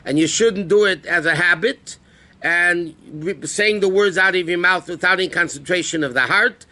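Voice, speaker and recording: A rabbi teaching a live class on Jewish law, explaining terms conversationally and asking the class questions. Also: male voice, sits high, normal speed, sharp tone. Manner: answers student questions.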